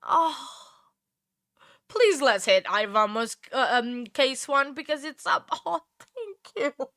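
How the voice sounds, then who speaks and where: Female streamer host, high bright voice, slow easy delivery, tearful and gushing with thanks. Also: very animated, no room sound, studio quality. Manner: emotional, tearful, laughs often, thanks viewers repeatedly. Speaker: livestream host. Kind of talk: casual livestream chat.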